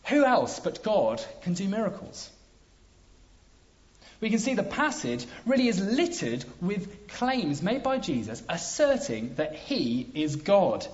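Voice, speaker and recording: Animated preacher delivering a sermon. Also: male voice, high voice. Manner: emphatic, lively delivery with dramatic pauses. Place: church hall. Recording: dull lo-fi sound.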